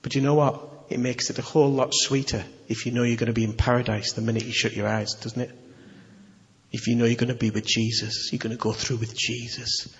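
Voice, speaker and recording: A preacher delivering an animated, conversational sermon with emphatic questions to the congregation. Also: male voice, medium pitch, fairly quick. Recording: echoey hall, slightly dull.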